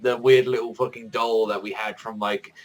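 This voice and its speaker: A man giving a casual video review of a manga chapter, talking in a rambling, excitable way and swearing a lot. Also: on the low side, normal speed, poor audio.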